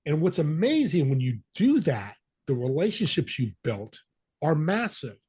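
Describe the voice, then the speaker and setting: A man's voice: fairly high pitch, big pitch swings, measured pace, a little mellow, slightly rough. An older man, a podcast guest, telling stories energetically and acting out quoted voices in conversation. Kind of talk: conversational interview.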